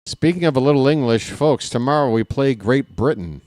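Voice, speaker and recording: A man doing casual live play-by-play of a ballgame, chatting straight to his viewers between pitches with candid, self-deprecating asides. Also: moderate pace, darkish tone, no room sound, clean studio sound. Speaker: play-by-play commentator.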